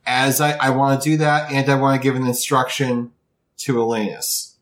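A man's voice: mid-range voice, little pitch movement, normal speed, roomy sound. A man playing a tabletop role-playing game, joking and teasing the others as he talks. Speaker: player. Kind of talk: casual tabletop play.

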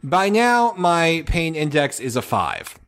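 A man's voice: a little high, huge pitch swings, takes it slowly, fairly bright tone. A young man telling a comic story with sarcasm, acting out other people's lines. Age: young adult.

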